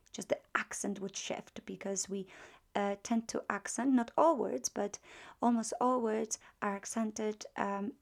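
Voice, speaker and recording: Slow, gravelly woman teaching vocabulary. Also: fairly high pitch, a little mellow. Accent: Polish. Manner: slow drilled repetition of target words; frequent fillers and checking questions. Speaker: language teacher. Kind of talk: beginner language lesson.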